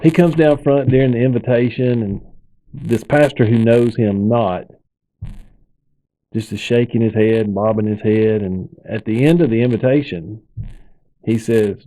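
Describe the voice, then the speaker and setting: A man, hosting and telling stories in a lively, casual way and acting out the people in them. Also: mid-range voice, a little slow, rough recording. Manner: animated storyteller, acts out quoted people. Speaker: podcast host. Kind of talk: casual storytelling.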